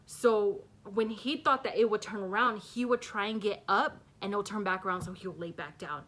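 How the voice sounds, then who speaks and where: A woman's voice: medium pitch, moderate pace, fairly bright tone. A young woman telling a personal story in a casual vlog, rambling with many fillers and nervous laughs. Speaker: vlogger.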